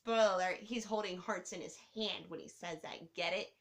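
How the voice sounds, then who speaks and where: A young woman hosting a casual movie review countdown, excitable and swearing, laughing and swooping up and down as she talks. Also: lowish voice, moderate pace. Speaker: host.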